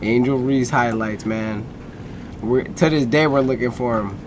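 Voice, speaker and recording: A man's voice: mid-range voice, fairly even intonation, measured pace, noisy background. A man streaming casual reaction commentary, hyped and slangy, talking back at the screen.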